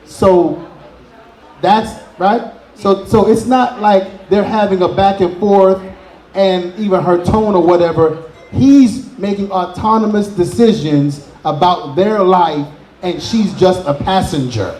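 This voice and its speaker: A man's voice: sits high, a little mellow. A man moderating a live panel, summing up a situation and checking that everyone follows. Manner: slow, summarizing, checking in with 'right?'. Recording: echoey room.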